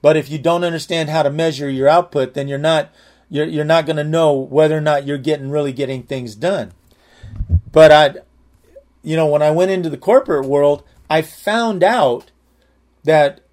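Man, slightly higher voice, candid and earnest, telling a personal testimony. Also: darkish tone.

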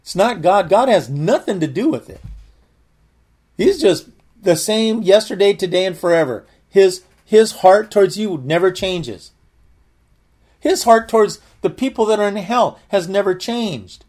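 A man's voice: high-pitched, lively intonation, unhurried, darkish tone. A man giving conversational Bible teaching, earnest, often repeating and restarting his words.

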